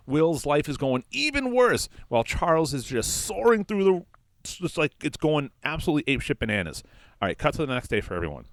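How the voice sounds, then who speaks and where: A man improvising a crude comic story on a podcast, rambling with many fillers and quick quoted voices. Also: medium pitch, big pitch swings, dry recording, studio quality. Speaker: comedy podcast host.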